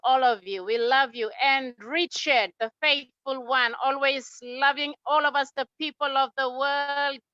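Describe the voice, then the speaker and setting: A woman hosts a webinar, heaping praise on each attendee in a rallying, effusive way. Her voice sits high and sounds bright and sharp. The sound is dry and muffled, like a lo-fi video call. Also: dry recording. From Papua New Guinea. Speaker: webinar host. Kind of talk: upbeat online webinar shout-outs.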